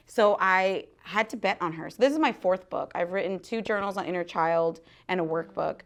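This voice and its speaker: A woman in her thirties talking candidly to an audience at a book talk, animated, laughing often and dropping to hushed asides. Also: on the low side, normal speed, few pauses. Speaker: guest author speaking at a book talk. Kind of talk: casual live talk to an audience.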